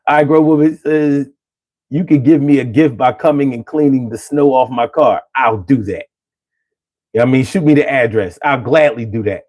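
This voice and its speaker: A man's voice: medium pitch, moderate pace, long pauses, a little mellow. A young man hosting a casual stream, freestyling loosely and riffing on viewer comments in a streetwise way. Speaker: livestream host reading chat. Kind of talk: casual freestyle rap and chat.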